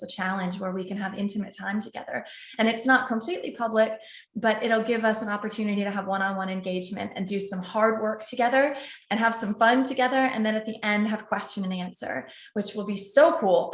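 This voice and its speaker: A woman's voice: on the high side, reverberant. A woman in her forties giving a heartfelt, effusive motivational talk to pageant contestants, often laughing and calling them girls and ladies. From Arizona. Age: 40s. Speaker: pageant titleholder and coach.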